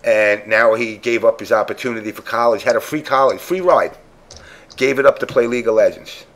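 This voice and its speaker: A man's voice: lowish voice, a little fast. A man on a podcast panel telling a story in casual chat, blunt and profane, acting out what people said. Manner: profane, blunt, acts out quotes.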